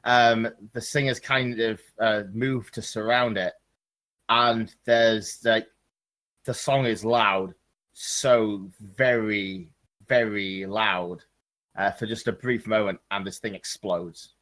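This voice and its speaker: A man's voice: fairly low pitch, steady tone, slow, a bit bright. A man narrating as game master of a tabletop game, hesitant with many ums and restarts.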